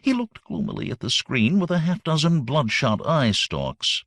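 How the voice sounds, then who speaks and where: A man's voice: fairly high pitch, moderate pace, few pauses, no room sound, studio quality. A man narrating a comic science-fiction audiobook in a wry storytelling manner. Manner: wry, animated storytelling with acted character voices.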